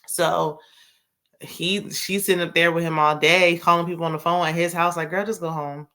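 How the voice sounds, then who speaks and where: A woman with a lowish, slightly bright voice speaks at a moderate pace in a level tone. As a TV recap host, she chats through a drama in a sassy, casual way, full of slang and asides.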